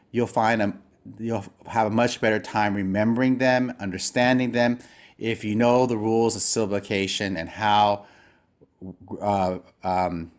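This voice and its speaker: A man with a fairly low voice gives a recorded lesson. He explains patiently and goes step by step, often pausing on fillers and restarting his sentences. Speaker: Greek language teacher. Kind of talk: recorded classroom lecture.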